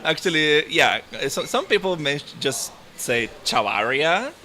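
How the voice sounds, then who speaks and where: A man's voice: fairly high pitch, expressive, measured pace, crowd noise. A man in his thirties from Nicaragua with a Nicaraguan Spanish accent, a native Spanish speaker chatting easily as an interview guest. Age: 30s. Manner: easygoing, laughs often. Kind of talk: casual interview chat.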